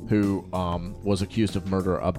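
A man's voice: low voice, little pitch movement, normal speed, music in the background. A man co-hosting a casual podcast, chatty and playful, laughing often as he reviews a movie. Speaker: podcast co-host.

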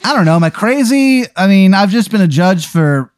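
A man's voice: expressive, normal speed, no room sound, studio quality. A man voicing a bumbling, doubtful old male judge in a rambling, unsure manner. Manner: rambling, unsure, high squeaky put-on voice.

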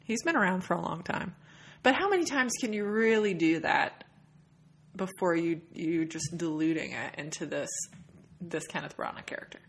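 A woman's voice: on the low side, animated, moderate pace. A woman with a mid-range voice co-hosts a casual film chat. She sounds opinionated and exasperated, and now and then her words trail off into a near whisper. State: married. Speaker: podcast co-host.

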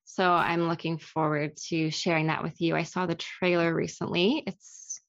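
A woman's voice: low voice, normal speed, highs cut off. A young woman, an actress being interviewed, talking casually and laughing easily at herself. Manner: animated, self-deprecating, laughs often.

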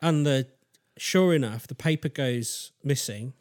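A man's voice: medium pitch, a little mellow. A man in a mid register hosts a podcast and recounts an odd tale in a loose, rambling manner. He often trails off and restarts his sentences as he thinks aloud. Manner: rambling, halting, with fillers and restarts. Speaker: podcast host. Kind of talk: casual chat, storytelling.

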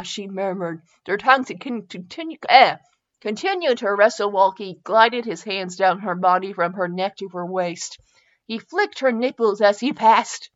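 A woman hosts a comedy podcast, reading fan fiction aloud and breaking into giggly, self-deprecating asides. Her voice sits at a middling pitch. The recording sounds a little dull and lo-fi. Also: lively intonation, normal speed. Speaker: podcast host.

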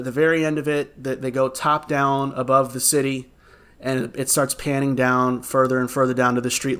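A man in casual podcast chat, telling a gaming memory in an animated way and swearing freely. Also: mid-range voice.

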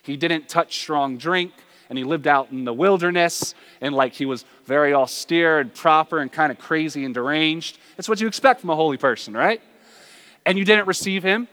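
A man delivering a sermon in a somewhat high voice. He preaches earnestly, dropping low and quiet, then climbing into raised, pleading calls. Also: moderate pace. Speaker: pastor.

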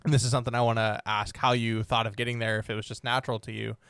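A man's voice: medium pitch, little pitch movement, very fast, fairly bright tone, clear, resonant tone, dry recording. A young adult man hosting a casual interview, chatty and loose with frequent ums and restarts. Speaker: podcast host.

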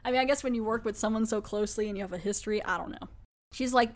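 Woman podcast host, casual chatty recap, lots of fillers, mid-pitched voice. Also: fairly even intonation, fast talker. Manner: chatty, filler-heavy, acts out quotes. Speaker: podcast host reviewing a TV episode.

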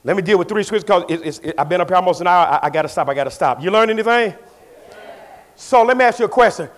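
A man pastor preaching a sermon in a church, moving from quiet storytelling to shouted call-and-response. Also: high voice, lively intonation, fast talker.

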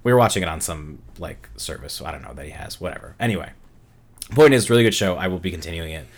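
A man's voice: low-pitched, expressive. A man co-hosting a podcast, telling stories in a casual chat full of "like" and "um". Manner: fast, filler-heavy storytelling. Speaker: podcast co-host.

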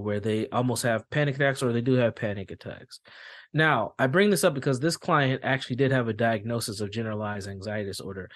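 A man's voice: mid-range voice, dry recording, clean studio sound. A man who hosts a mental health podcast and works as a school therapist, explaining in a casual way and telling stories with acted-out quotes. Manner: storytelling with acted-out quotes, frequent fillers.

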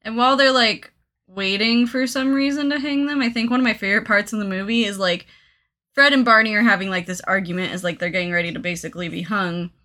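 A woman's voice: medium pitch, steady tone, quick pace, bright, forceful tone. A young woman co-hosting a podcast, chatting casually about a movie, adding details and saying "like" often. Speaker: podcast co-host. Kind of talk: casual chat, retelling a movie.

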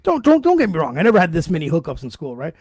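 Male podcast host with a slightly high voice and a dry, close sound, crude and animated. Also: racing, husky, no room sound. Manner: crude, swearing, animated storyteller. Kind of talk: casual storytelling chat.

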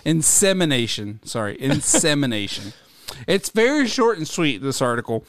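A man's voice: on the high side, very animated, moderate pace, a crowd in the background. A man co-hosting a podcast, reading out a news story with profane, incredulous banter. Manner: incredulous, profane, laughs at own jokes.

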